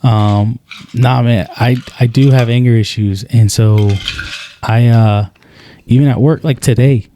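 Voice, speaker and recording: A man's voice: mid-range voice, steady tone, a little slow, warm tone, slight background noise. A man co-hosting a podcast, chatting casually in a rambling way, often restarting and quoting himself. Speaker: podcast co-host.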